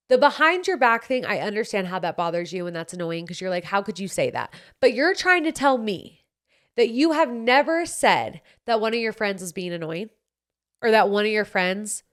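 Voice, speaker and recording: A woman's voice: mid-range voice, fairly bright tone. A woman in her late twenties with a Utah accent, hosting a podcast and giving blunt, sassy advice, swearing freely. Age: 20s. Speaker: podcast host. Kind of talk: casual advice chat.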